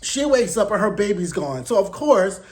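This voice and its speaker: A man's voice: high voice, sing-song, normal speed, a little mellow. A man hosting his own channel, recapping an episode in a casual, sassy, blunt and slangy way into a close mic. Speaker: host.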